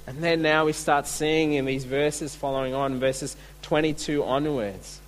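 A man's voice: fairly high pitch, a little slow, few pauses, a little hiss or hum, low-quality recording. A man preaching a sermon, earnest and full of rhetorical questions. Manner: earnest, asks rhetorical questions, restarts words.

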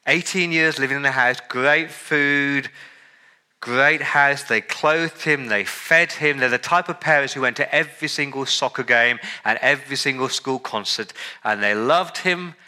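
A male pastor delivers a sermon in an emphatic style, stacking repeated words and phrases. His voice has a very bright, sharp tone. His pitch sits in a middle range for a man. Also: unhurried, clear, resonant tone.

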